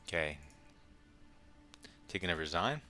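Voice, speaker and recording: Brief: young man, very low bright voice, casual muttered game commentary, light music behind. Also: expressive. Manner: quick, muttering play-by-play with wry asides. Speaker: chess streamer.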